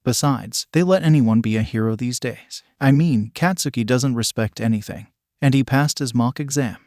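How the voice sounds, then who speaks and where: A man's voice: medium pitch, normal speed, a little mellow, no room sound, close to an everyday voice. Man doing teen boy, earnest, teasing, dry.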